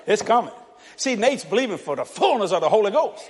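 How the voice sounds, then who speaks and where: High-voiced, lively preacher man. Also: brisk, in a large hall, noisy background. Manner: animated, laughing often, acting out the people in his stories. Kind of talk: humorous storytelling sermon. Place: church hall before a congregation.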